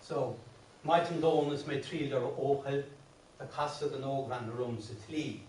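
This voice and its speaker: This singing teacher, an Irish man, talks at a normal speed in a steady, mid-range voice with a darkish tone. He patiently explains verse patterns in a classroom song workshop, restarting many times and breaking into song. A distant room mic picks him up off-mic amid heavy echo and slight background noise.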